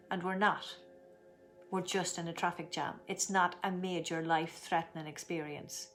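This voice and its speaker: A middle-aged woman leading a guided tapping session, giving slow, soothing instructions and stretching out repeated affirmations. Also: lowish voice. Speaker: tapping and breathing teacher.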